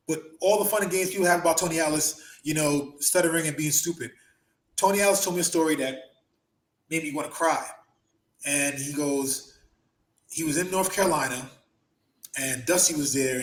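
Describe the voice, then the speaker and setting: A man hosting a podcast, telling profane, animated stories, laughing often and acting out the people he quotes. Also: on the high side. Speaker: podcast host and former wrestler. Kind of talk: casual storytelling chat. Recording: roomy echo.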